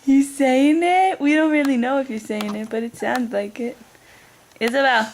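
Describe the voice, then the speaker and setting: Young woman, mother, home video, sing-song baby talk, slightly high voice. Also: normal speed, long pauses. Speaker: mother filming her baby.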